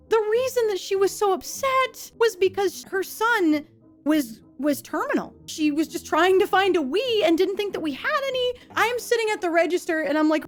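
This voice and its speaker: A woman streamer telling a comedic story from her life in an animated, expressive way. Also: extremely high pitch, normal speed.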